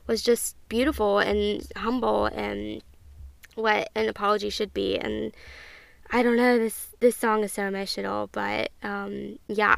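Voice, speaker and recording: Young woman podcast host, effusive and chatty, higher voice with a gravelly edge, recorded close and dry. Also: fairly bright tone, no room sound. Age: 20s. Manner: gushing, chatty, many fillers like "um" and "like". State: emotional, near tears at times. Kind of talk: casual solo review podcast.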